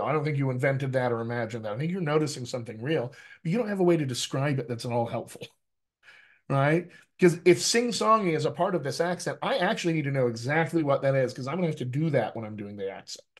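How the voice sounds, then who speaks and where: A man with an American accent, a dialect coach giving a lively, teacherly talk to actors over a video call, often checking in with "right?". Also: medium pitch. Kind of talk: live online coaching talk.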